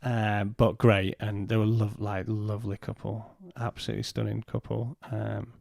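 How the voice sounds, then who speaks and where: A man, a podcast guest, telling a personal story in a halting way and retelling what was said in his own words. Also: lowish voice, little pitch movement, creaky, darkish tone, dry recording, studio quality.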